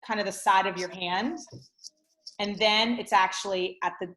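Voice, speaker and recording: A woman's voice: mid-range voice, steady tone, normal speed, bright, forceful tone. Chatty woman on a roomy video call. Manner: chatty, many "like" and "right?" tags. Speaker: guest. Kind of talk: casual explanatory chat.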